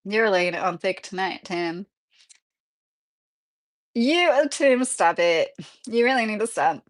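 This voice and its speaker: A woman's voice: medium pitch, animated, a little slow. A woman live streaming from home, chatting casually, reading out chat messages and laughing often. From Kentucky, USA.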